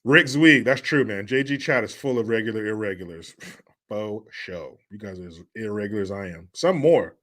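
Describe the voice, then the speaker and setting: Loud, joking male livestream host. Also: on the low side, expressive, normal speed. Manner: loud, profane banter with frequent laughter; teasing rival sports fans. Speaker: livestream host reading chat. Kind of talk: casual chat.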